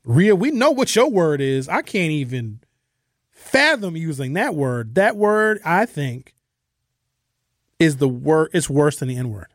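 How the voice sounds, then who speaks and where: A man's voice: fairly high pitch, very animated, slow, no room sound. A man hosting a casual talk radio show from a studio, joking and offhand. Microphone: studio mic.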